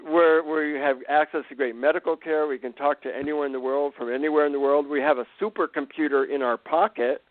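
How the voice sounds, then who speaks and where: A man's voice: fairly high pitch, a little fast, few pauses, dry recording. Man telling a story over the phone. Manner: animated, self-deprecating anecdotes. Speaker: guest, psychotherapist and author. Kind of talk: conversational storytelling. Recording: dry, tinny phone-line sound.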